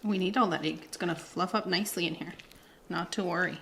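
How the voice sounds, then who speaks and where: A woman's voice: mid-range voice, brisk, fairly bright tone, a little hiss or hum. A woman in her thirties hosting a casual home cooking video in her kitchen, chatty and playful, dropping in Spanish words as she talks. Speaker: cooking channel host.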